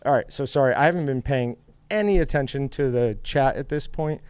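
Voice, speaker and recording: A man's voice: medium pitch, brisk, a little mellow, smooth, no room sound. A man hosting a casual livestream, chatty and upbeat, reading viewer comments aloud. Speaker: livestream host.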